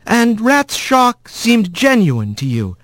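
A man's voice: high-pitched, huge pitch swings, takes it slowly, a bit bright, no echo, voice pushed up, full character voice. A man voicing a young female mouse lawyer who asks careful, pointed questions. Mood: probing.

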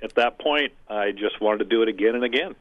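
A man's voice: fairly low pitch, a little fast, no echo. A middle-aged man who owns and co-founded a community theater, talking earnestly and methodically in an interview, drawing long comparisons. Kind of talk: casual interview talk. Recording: tinny phone-like line.

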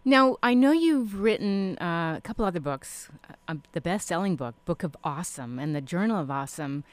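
A woman hosting a talk show, interviewing a guest with encouraging remarks and quick affirmations. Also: lowish voice, animated. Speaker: show host.

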